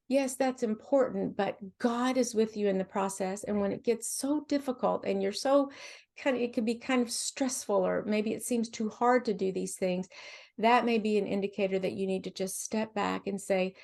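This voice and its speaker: A woman guest on a faith podcast, talking in a gentle, encouraging way with frequent restarts. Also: medium pitch, moderate pace, gravelly. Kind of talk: faith-based podcast conversation.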